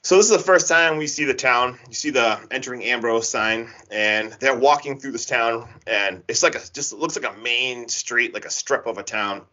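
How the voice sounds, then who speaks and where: Dude chatting on a podcast, um-ing through the plot, bright edgy voice, kinda muffled recording. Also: male voice, mid-range voice, normal speed, few pauses. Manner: rambling, animated plot retelling with filler words. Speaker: podcast co-host recapping a horror film. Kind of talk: casual chat. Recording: dull lo-fi podcast audio.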